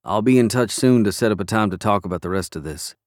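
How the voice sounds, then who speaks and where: Steady, protective man, read by a male narrator, low and earnest, dry close read. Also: fast talker, no echo, close to an everyday voice. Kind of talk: audiobook character reading.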